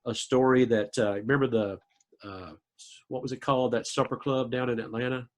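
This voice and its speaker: A man's voice: mid-range voice, fairly even intonation, brisk, slight background noise. A man hosting a podcast, chatting casually, laughing along and jumping in to finish stories. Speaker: podcast host. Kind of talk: casual chat.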